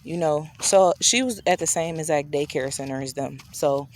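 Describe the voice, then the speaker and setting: A woman vlogger telling a personal story in a casual, chatty way, talking straight to her viewers and acting out the dialogue. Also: moderate pace. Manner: chatty, addresses viewers directly; acts out quoted dialogue with shifting pitch.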